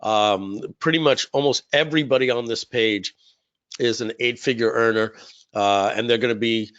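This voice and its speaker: A man's voice: medium pitch, moderate pace, fairly bright tone, muffled recording. A man hosting a live webinar in a casual, rambling way, with many "uh" fillers, talking into a computer mic. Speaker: webinar host.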